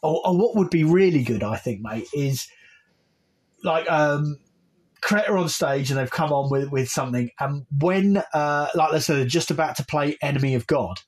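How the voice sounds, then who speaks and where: A man's voice: a little high, normal speed, breathy edge. A man co-hosting a podcast, chatting eagerly and calling his friend mate. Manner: enthusiastic, says "mate" often. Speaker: podcast co-host. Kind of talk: casual chat.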